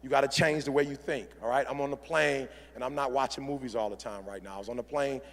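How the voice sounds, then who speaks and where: Gravelly preacherly man in a reverberant hall. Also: fast talker. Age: middle-aged. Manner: preacherly, builds from low intensity to shouting fervor. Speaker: motivational speaker. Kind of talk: motivational convention speech. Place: large convention hall.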